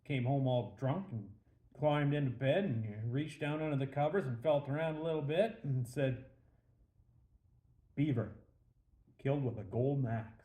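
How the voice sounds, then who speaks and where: A man's voice: mid-range voice, moderate pace, long pauses, dark tone, natural voice. A man voicing an annoyed wife delivering a punchline in a told joke, in an echoey room. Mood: blunt. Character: annoyed wife, adult woman.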